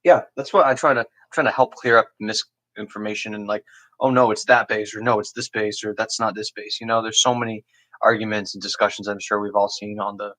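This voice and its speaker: Young guy on a livestream explaining beatbox basses, kinda low voice, says "you know" a lot, keeps clearing his throat. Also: little pitch movement, a little fast, sharp tone, rough recording. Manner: rambling, frequent "you know" and "like". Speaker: beatbox teacher.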